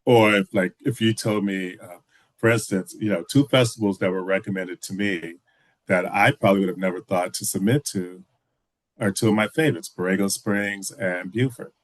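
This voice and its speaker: A man talking over a video call, his voice sitting low. The sound is dry with no room around it. He tells his stories loosely, restarting and filling with "you know.". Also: fairly even intonation, moderate pace, no echo. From Texas. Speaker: filmmaker guest. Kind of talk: casual video call interview.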